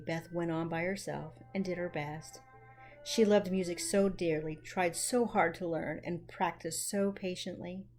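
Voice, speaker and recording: A woman narrating a classic children's novel as a gentle, unhurried storybook reading with mild character voices. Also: fairly low pitch. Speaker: audiobook narrator.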